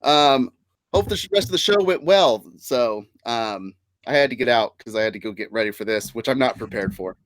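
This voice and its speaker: A man's voice: mid-range voice, expressive, moderate pace, no echo. A man hosting a casual live-streamed nerd podcast, upbeat and chatty, laughing often and using fillers. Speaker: podcast host.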